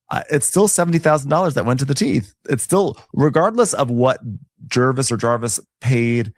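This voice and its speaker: A man co-hosting a casual recap podcast, gossipy and animated, laughing often. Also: mid-range voice, moderate pace, no room sound, clean studio sound. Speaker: podcast co-host.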